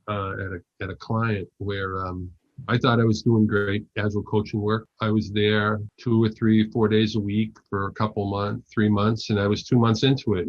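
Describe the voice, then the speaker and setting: A man's voice: lowish voice, lo-fi sound. A man, a coach, telling stories in a podcast interview and acting out the dialogue as he goes. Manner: animated storyteller who acts out dialogue. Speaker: guest, agile coach.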